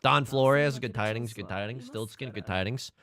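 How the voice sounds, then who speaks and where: A man streaming live gameplay with commentary, joking around and bursting into sudden loud exclamations. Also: medium pitch, normal speed.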